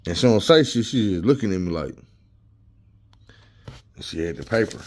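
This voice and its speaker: Deep-voiced man telling a story, slangy and animated. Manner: animated, slangy, profane, acts out quotes. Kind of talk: casual storytelling.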